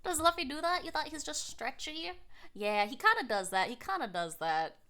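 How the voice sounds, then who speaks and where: A woman's voice: sits high, big pitch swings, moderate pace, sharp tone. A woman streamer chatting casually with her viewers, playful and cutesy, slipping into baby talk. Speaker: streamer reacting to videos. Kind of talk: casual live-stream chat.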